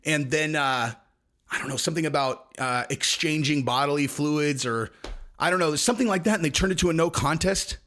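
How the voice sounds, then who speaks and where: A man's voice: on the high side, fairly quick, fairly bright tone. A man hosting a casual commentary rant, sarcastic and rambling, slipping into mocking quoted voices. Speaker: commentary video host.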